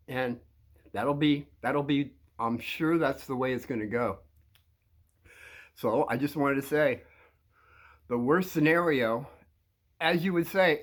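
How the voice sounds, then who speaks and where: A man's voice: mid-range voice, fairly bright tone. An older man talks casually to kids about an awkward situation, acting out both sides and keeps breaking into laughter while trying to keep a straight face. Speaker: vlogger giving advice to kids. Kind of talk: casual monologue to camera.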